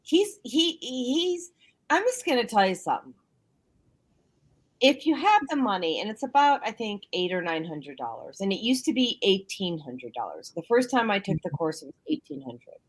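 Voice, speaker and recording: A woman's voice: medium pitch, normal speed, husky, no room sound, low-quality recording. A woman guest on a call-in talk show who speaks from her bedroom and tells stories animatedly, acting out what others said. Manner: animated storyteller, acts out quotes. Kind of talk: casual radio talk. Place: home bedroom.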